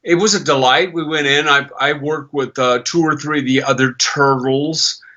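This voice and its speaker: An older man with a bright, forceful voice tells animated stories as a podcast guest, dropping into quick character voices as he goes. The audio comes through dull and a little lo-fi. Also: fairly high pitch. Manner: animated storyteller who slips into character voices. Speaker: voice actor guest. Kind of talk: podcast interview.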